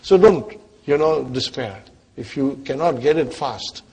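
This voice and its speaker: A man teaching an Arabic grammar class, coaxing his students and checking in with them often, his voice dropping away quietly at the ends of phrases. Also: medium pitch, animated, unhurried, creaky, slightly rough.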